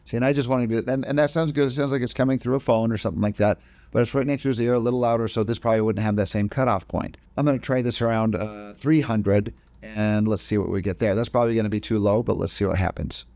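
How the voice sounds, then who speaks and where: A man's voice: fairly low pitch, fairly even intonation, fast, darkish tone, no echo. A man teaching video editing in a casual, step-by-step screen-recorded tutorial, often correcting himself mid-sentence. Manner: casual step-by-step explaining, frequent self-corrections.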